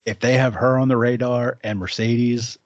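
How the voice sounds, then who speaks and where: A man's voice: mid-range voice, steady tone, normal speed, no echo, lo-fi sound. A man co-hosting a casual wrestling talk show, enthusiastic and rambling, full of fillers. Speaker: podcast co-host.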